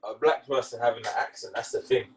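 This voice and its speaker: A young man co-hosting a casual podcast chat, teasing and joking with loud laughs. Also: medium pitch, steady tone, fast, over music. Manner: teasing, jokey, laughs loudly. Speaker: podcast co-host.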